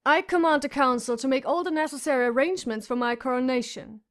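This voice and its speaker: A woman voicing a spoiled young king in an audiobook, who barks commands in a rushed, raised voice. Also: high voice, natural voice. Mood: imperious. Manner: imperious, shouting, rushed. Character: spoiled, shrill boy king, young man. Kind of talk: audiobook character voice.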